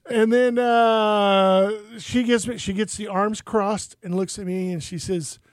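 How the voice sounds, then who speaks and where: A middle-aged man co-hosting a radio show, telling a story with lively quoted voices. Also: high-pitched, slow pace, no echo. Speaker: radio co-host. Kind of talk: casual radio banter, storytelling.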